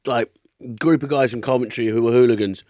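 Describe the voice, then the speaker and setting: A man's voice: mid-range voice, a little fast, darkish tone, no room sound, studio quality. A man hosting a comedy podcast, chatting casually and telling stories full of swearing and put-on voices. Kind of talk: casual chat.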